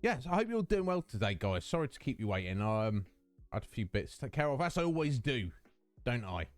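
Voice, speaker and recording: Lively chatty streamer, late thirties. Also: male voice, medium pitch, a little fast, no room sound, faint music behind. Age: 30s. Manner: chatty, greets viewers by name, laughs often. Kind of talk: casual chat with livestream chat.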